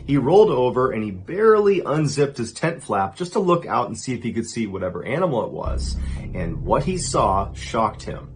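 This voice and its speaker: A young adult man narrating a story dramatically, building suspense and dropping to hushed tones. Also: medium pitch, slight background noise.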